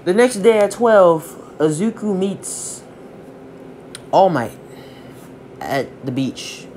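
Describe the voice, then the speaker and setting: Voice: mid-range voice, sing-song, darkish tone, slight background noise. Rambly storyteller making up a fan story on the fly. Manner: loose, rambling, halting. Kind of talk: improvised fan story retelling.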